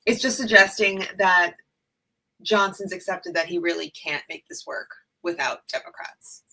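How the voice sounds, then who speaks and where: A woman explains a post to the host in a hesitant, halting way, full of fillers. Her voice is bright and gravelly with a good deal of fry, and sits fairly low. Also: steady tone, low-quality recording.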